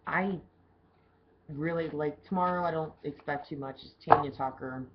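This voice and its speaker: Woman, low pitch, casual bartender video diary, chatty and swearing, muffled lo-fi recording. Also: normal speed, very noisy. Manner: chatty, loose storytelling with swearing. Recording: dull lo-fi camera audio with faint background ambience.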